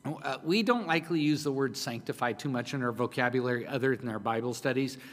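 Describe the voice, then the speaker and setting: A man's voice: medium pitch, quick pace. A man preaching a sermon as pastor, emphatic and conversational, often repeating himself. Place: church hall. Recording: long hall reverb.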